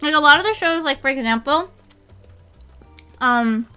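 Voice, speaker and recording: A woman's voice: high voice, expressive, a little slow, sharp tone, faint music behind. A woman streamer chatting casually and rambling with lots of fillers while snacking. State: eating while talking. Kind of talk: casual chat.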